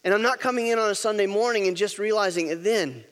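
A man's voice: high voice, fast talker, fairly bright tone, in a large hall. A pastor preaching a sermon, emphatic and repeating key words, leading his congregation to say lines back.

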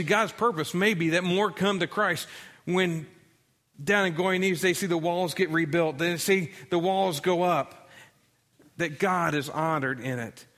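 A man's voice: on the high side, a bit bright, big-room sound. A male pastor giving a sermon in a conversational preaching style, with dramatic readings of scripture.

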